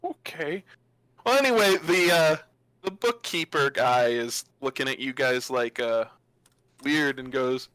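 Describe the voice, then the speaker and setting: A game master narrating a tabletop game in an animated way, often laughing. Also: mid-range voice, measured pace, no room sound.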